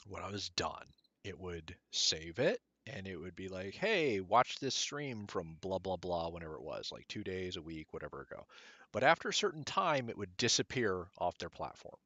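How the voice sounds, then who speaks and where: A man streaming a game, chatting casually and rambling as he thinks out loud. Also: low voice, no room sound, highs cut off. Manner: mutters at the game.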